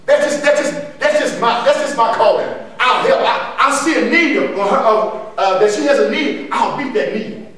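A pastor with a very high-pitched, slightly bright voice teaches a Bible lesson at normal speed in a church sanctuary. His call-and-response teaching is emphatic and repetitive, with laughter between points. The recording is echoey and distant, with some noise.

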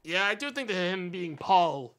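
High, bright-voiced male gaming streamer. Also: very animated, moderate pace, faint music behind. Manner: thinks aloud, talks to chat. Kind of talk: casual live-stream commentary.

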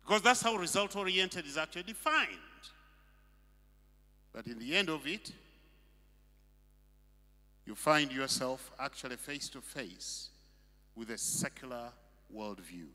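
A man preaches with a high, brightly ringing voice that swings widely in pitch, pressing his points with rhetorical questions. His sermon carries a long reverb from a church hall. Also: animated, a little slow, long pauses. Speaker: pastor.

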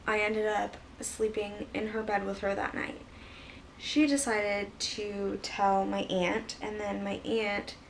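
Flat-voiced woman telling a story. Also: mid-range voice. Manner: rambling, filler-heavy retelling. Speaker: vlogger. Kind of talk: casual storytelling. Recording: voice a bit far from mic, faint background hiss.

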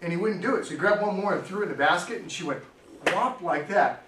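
A man's voice: high-pitched, quick pace, a bit bright. A middle-aged man, a pastor, preaching a sermon in a chatty, storytelling way with frequent laughs, in a church sanctuary. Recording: echoey church hall, distant mic, faint noise.

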